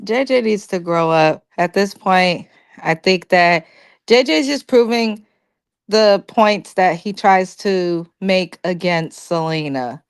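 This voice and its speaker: A woman with a somewhat low voice co-hosts a casual recap chat. She gives frank, opinionated takes in a relaxed, conversational way. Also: slow pace, smooth. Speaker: co-host.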